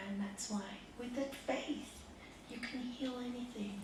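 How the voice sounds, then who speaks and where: A woman meditation teacher giving a spiritual talk with stories to a small group, swinging between loud emphasis and soft, hushed asides. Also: fairly high pitch, steady tone, normal speed. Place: meditation centre room with a group. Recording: echoey room, voice from a distance, faint hiss.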